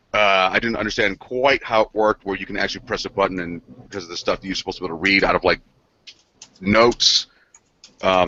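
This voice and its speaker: A man's voice: sits low, sharp tone, no room sound. A man on a gaming news show, telling a rambling, profane story between laughs. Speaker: podcast co-host. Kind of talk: casual chat. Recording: dull lo-fi sound.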